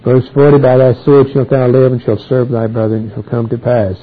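A man with a husky voice teaching through a Bible passage verse by verse, reading each verse aloud and then explaining it. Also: medium pitch, little pitch movement, a little fast. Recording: tinny phone-like old recording.

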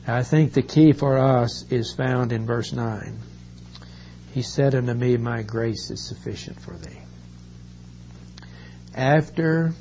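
A male preacher with a mellow, warm voice gives a sermon, reading scripture and explaining it in an earnest, unhurried way, stretching out the words he wants to stress. The recording is dull and lo-fi, with a faint hum underneath. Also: mid-range voice. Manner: slow, earnest Bible exposition, stretching key words.

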